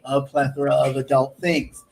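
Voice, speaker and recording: Talk show host, mid pitch, casual chat, chatty, laughs easily. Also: little pitch movement, normal speed, creaky, darkish tone.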